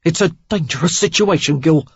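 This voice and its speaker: A man's voice: on the high side, brisk, vocal fry, slightly rough, dry recording, exaggerated voice. A narrator voicing an anxious, harried male club factotum in an audiobook who speaks tersely and urgently. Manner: tense, urgent. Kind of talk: audiobook character voice. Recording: dull lo-fi dry recording.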